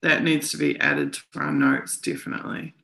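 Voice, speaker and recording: A woman reads official text aloud on a live stream, pausing to comment on it. Her voice is bright and forceful. The sound is roomy and echoey, as if from a video call mic. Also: rumbling low, sing-song, vocal fry. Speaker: co-host analysing documents. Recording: roomy echo.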